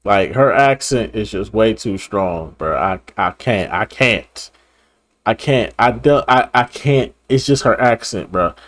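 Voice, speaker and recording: A man's voice: on the low side, lively intonation, measured pace, a bit bright. A man hosting a reaction video, talking bluntly and profanely in casual commentary, laughing and repeating himself.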